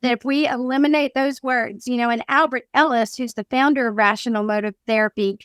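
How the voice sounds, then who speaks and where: A woman's voice: a little high, fairly even intonation, fairly quick, a bit bright, smooth, dry recording. Emphatic Southern woman, dry close sound. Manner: earnest, emphatic teaching tone. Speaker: therapist and counseling teacher. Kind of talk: podcast guest explaining.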